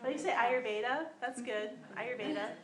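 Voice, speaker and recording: A woman's voice: fairly high pitch, normal speed. Patient woman teaching pronunciation in an echoey room. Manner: patient, demonstrates sounds aloud and repeats them. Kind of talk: informal class instruction. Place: room with students present. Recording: echoey room with faint background noise.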